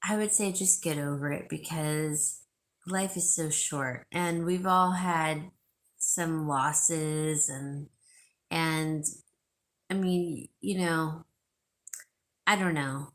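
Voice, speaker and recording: A woman's voice: low-pitched, fairly even intonation, takes it slowly, fairly bright tone. A woman hosting a live sale stream, chatting casually and reading viewer comments, rambling with fillers and restarts. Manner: gushing, repeats herself for emphasis.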